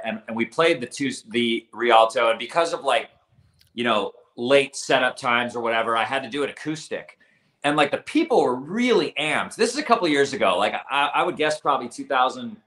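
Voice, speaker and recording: A musician guesting on a talk show, chatting casually in a relaxed, rambling way. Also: male voice, mid-range voice. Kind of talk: casual chat.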